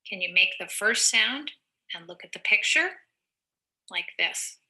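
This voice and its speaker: A woman teacher reading a picture book aloud to young children, slowly and encouragingly, stopping to explain words simply. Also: medium pitch, animated, pushed and bright.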